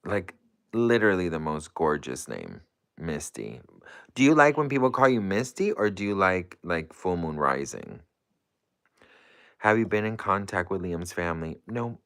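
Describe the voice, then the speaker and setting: The speaker is a man whose voice sits low and sounds a bit bright; he is very animated but keeps a measured pace. He hosts a casual livestream, reading out viewer comments and chatting in a gushing, rambling style full of "like".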